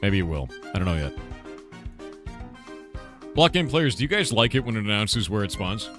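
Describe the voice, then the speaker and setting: A man's voice: on the low side, normal speed, music in the background. A man, a game developer, talking casually with his livestream chat. He asks viewers questions, muses aloud and breaks into emphatic outbursts. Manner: animated, with sudden emphatic outbursts.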